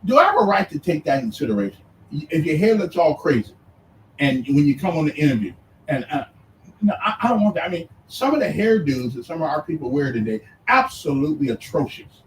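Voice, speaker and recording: A man argues on air with animated, rising and falling pitch, halting and repeating words as he presses his guest. He sits back from the mic in an echoey room. A faint hum of ambience sits underneath. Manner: animated, halting and repetitive, challenging. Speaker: radio host. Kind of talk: radio debate. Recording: roomy distant sound with faint ambience.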